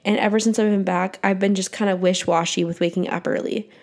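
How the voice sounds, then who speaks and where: A woman's voice: medium pitch, steady tone, brisk, darkish tone. A young adult woman hosting a solo podcast, talking in a casual, encouraging way with lots of "like" and some mild swearing. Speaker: podcast host.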